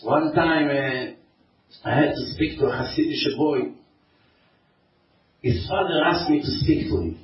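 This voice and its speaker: A man's voice: a little high, a little slow, pauses often. A man, a rabbi giving a lecture to a community and telling stories in which he acts out the people he quotes. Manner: storytelling, acting out the people he quotes. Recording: echoey hall, distant dull mic.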